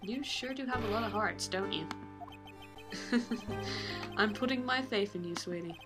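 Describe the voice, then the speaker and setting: A woman's voice: medium pitch, measured pace, music in the background, natural voice. A woman doing a preening showman magician. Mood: smug. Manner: theatrical, drawling, calls people sweetie. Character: flamboyant vain male circus magician star. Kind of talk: amateur game voice-over reading.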